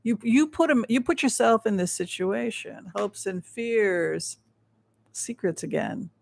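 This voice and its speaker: A man's voice: high voice, big pitch swings, measured pace, vocal fry. A man hosting a livestream of psychic readings and tarot commentary. He rambles with many restarts and makes his points with emphasis. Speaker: psychic show host.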